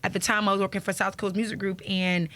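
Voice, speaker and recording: A woman comedian from Miami chatting as a guest in a casual interview, animated and quick to laugh. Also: mid-range voice.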